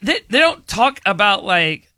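A man's voice: high-pitched, big pitch swings, a little slow, bright, forceful tone, no room sound. A man on a radio show crew, eagerly rambling through an anecdote in casual banter.

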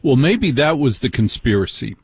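Male late-night radio host, husky, dry close studio mic, chatty and joking with callers. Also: medium pitch, lively intonation, moderate pace, dry recording. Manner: chatty, joking, asides and laughs. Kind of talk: casual call-in radio chat.

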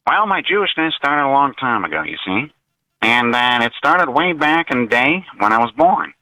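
A man calling in to a talk show, speaking in an exaggerated put-on voice with slow, drawn-out, taunting delivery. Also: mid-range voice, big pitch swings, pushed and bright, no echo, poor audio. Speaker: caller. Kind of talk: phone-in call to a talk show.

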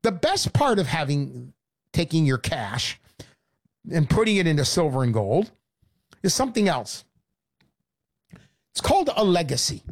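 A woman hosting a sarcastic, animated sales pitch monologue. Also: measured pace, pauses often.

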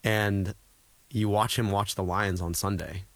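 A man's voice: lowish voice, steady tone, unhurried, dry recording. A man in his thirties, a guest telling earnest, reflective stories in conversation, often restarting his sentences. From United States. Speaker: guest, former political candidate.

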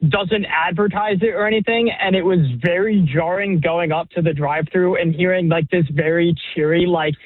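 Chatty young caller on phone line. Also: male voice, sits high, steady tone, moderate pace, hardly any pauses, dry recording. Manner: chatty, many "like" fillers.

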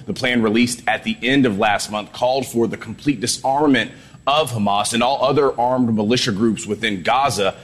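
A male Washington correspondent giving a live news report in a measured, steady way. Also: mid-range voice, slightly rough. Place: outdoors at the White House.

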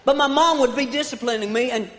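A man with a very high voice delivers a stand-up comedy routine, telling stories about his mother and landing punchlines. His voice carries a long reverb from a large hall, with faint noise underneath. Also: fast. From American South.

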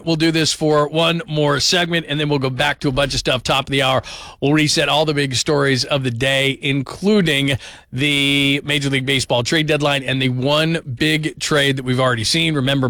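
A man hosting a late-night call-in sports radio show, upbeat and quick, reading out the call-in number. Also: medium pitch, sharp tone, no echo, clean studio sound. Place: radio studio. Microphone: studio mic.

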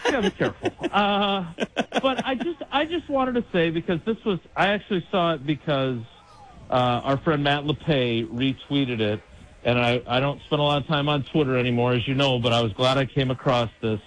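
A man's voice: on the high side, normal speed, low-quality recording. A middle-aged man calling in to a radio show on a phone hotline, rambling and joking at his own expense. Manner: rambling, self-mocking, joking. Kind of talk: casual call-in chat.

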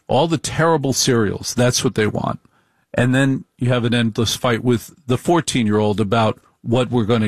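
A middle-aged man giving a comic monologue in a deliberate, repetitive, wry way. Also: mid-range voice, no echo, studio quality.

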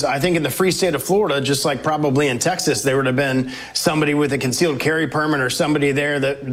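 A man serving as a congressman, a guest on an interview show. His voice sits a bit higher than most men's. He speaks in an emphatic, talking-point style. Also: a bit bright.

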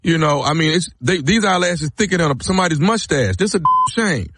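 A man's voice: fairly high pitch, animated, a little fast, a bit bright, husky, dry recording, studio quality. A man making a phone call, stubbornly repeating the same complaint in a drawling voice. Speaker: caller.

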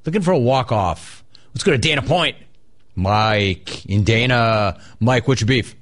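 A middle-aged man hosts a call-in radio show in a loose, talky way. His pitch swings widely as he rants and riffs on everyday annoyances. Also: a little slow. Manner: animated, mocks people in a high put-on voice. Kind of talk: casual call-in radio talk.

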